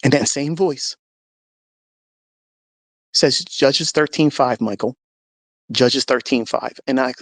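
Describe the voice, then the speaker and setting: A man's voice: mid-range voice, dry recording. A man with a mid-range voice earnestly recounting a personal faith story to an online audience, acting out his own past words as he goes. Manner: religious. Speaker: trading mentor. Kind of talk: personal testimony told to an audio-chat audience.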